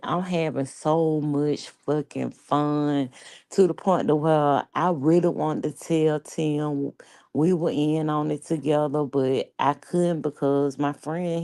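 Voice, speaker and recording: A woman with a low, gravelly voice telling a casual storytime. She talks animated and slangy, swears freely and breaks into laughter. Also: poor audio. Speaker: vlogger.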